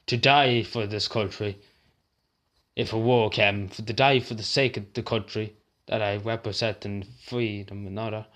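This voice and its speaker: A man's voice: on the low side, fairly even intonation, moderate pace, a bit bright. An Irish man vents straight into the camera, worked up and swearing, circling back to the same words again and again. He sounds upset, near to tears, his voice strained and raw as he talks. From Ireland. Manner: agitated, swearing, repeats himself. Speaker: vlogger. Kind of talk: angry rant to camera.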